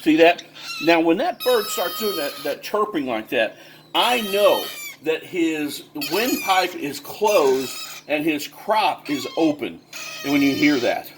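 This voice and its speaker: A man talks through his bird care in a relaxed how-to style, his fairly high voice rising and falling a great deal. He explains step by step, often restarting and filling pauses with "uh". A faint hiss and some chirping sit behind him. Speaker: bird breeder. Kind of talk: casual how-to demonstration.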